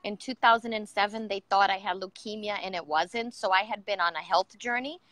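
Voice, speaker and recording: Middle-aged woman guest, earnest and emotional, bright tense tone, dry mic. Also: mid-range voice, fairly quick, no echo. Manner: earnest and emotional, many fillers. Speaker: guest entrepreneur. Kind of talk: personal story in an interview.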